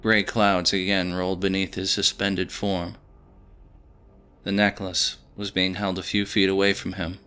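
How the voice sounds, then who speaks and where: A man narrating audio fiction in a steady, measured storytelling manner. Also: deep voice.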